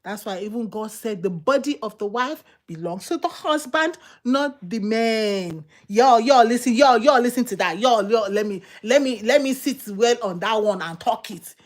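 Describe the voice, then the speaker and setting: A woman's voice: mid-range voice, animated, moderate pace, few pauses. A woman preaching a sermon, fired up and emphatic, firing off repeated rhetorical questions.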